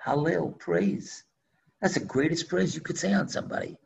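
A man's voice: on the high side, moderate pace, gravelly, low-quality recording. An older man, a rabbi, preaching earnestly and telling a story, with Hebrew phrases woven in. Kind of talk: sermon with storytelling.

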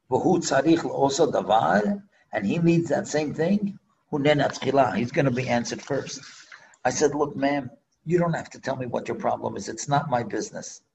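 A man's voice: medium pitch, creaky, a little hiss or hum, low-quality recording. An older man, a rabbi, preaching earnestly and telling a story, with Hebrew phrases woven in. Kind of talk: sermon with storytelling.

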